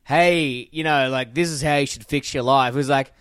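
A man's voice: medium pitch, normal speed, fairly bright tone, smooth, no echo, clean studio sound. A man co-hosting a podcast over a video call, telling a story with lots of swearing. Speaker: podcast co-host. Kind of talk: casual podcast banter. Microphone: remote video call.

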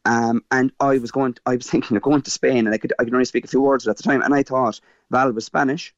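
Animated Cork Irish man telling a story. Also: medium pitch, no room sound, lo-fi sound. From Ireland. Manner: animated, halting with fillers and restarts. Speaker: guest. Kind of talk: casual interview storytelling.

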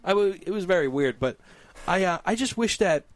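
Lively profane podcast host. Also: male voice, sits high, brisk. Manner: animated, profane, drives the conversation. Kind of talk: casual chat.

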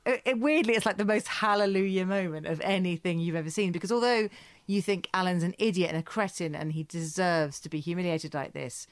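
Laughing, lively-storytelling woman co-host. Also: lowish voice, a little fast, dry recording. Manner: enthusiastic, laughs often, acts out quotes. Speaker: podcast co-host. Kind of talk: casual chat.

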